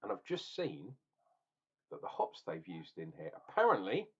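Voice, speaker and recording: A man's voice: lowish voice, wildly swooping pitch, moderate pace, breathy edge, highs cut off. A man ranting and tasting beer in a casual review vlog, opinionated and swearing now and then.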